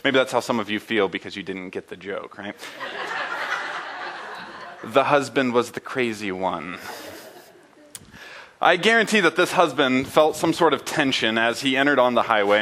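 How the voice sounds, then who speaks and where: A male pastor delivers a sermon in an earnest, reflective way. He often pauses, stumbles and restarts, with plenty of "um"s and "uh"s. His voice sits in an ordinary middle pitch. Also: lively intonation, a bit bright. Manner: earnest, halting, with many fillers and restarts. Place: church building.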